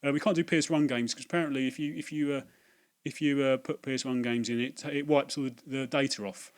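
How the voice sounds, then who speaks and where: A man's voice: mid-range voice, steady tone, fast, lightly acted. A man voicing a young male shop clerk who lectures with confidence. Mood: know-it-all.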